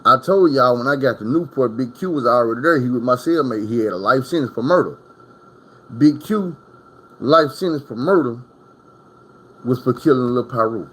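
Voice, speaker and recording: A man's voice: mid-range voice, lively intonation, normal speed, fairly bright tone, breathy edge. Profane, rambling man telling stories. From Arkansas. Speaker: storyteller recounting prison stories. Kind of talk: casual storytime monologue.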